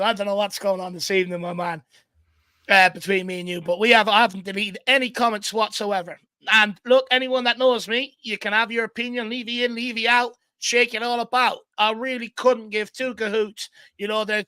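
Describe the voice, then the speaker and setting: A man's voice: sits high, fairly even intonation, moderate pace, bright, forceful tone, clean tone, no echo. A man hosting a live fan stream, upbeat and chatty, full of fan slang. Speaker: host. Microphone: computer mic on a live stream.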